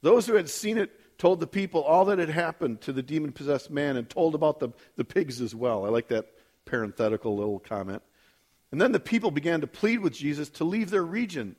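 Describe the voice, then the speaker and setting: Animated man reading scripture with asides. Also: brisk. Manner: casual asides with frequent "right?"; dramatizes quotes with sudden high voices. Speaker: Bible study leader. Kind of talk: Bible reading with commentary.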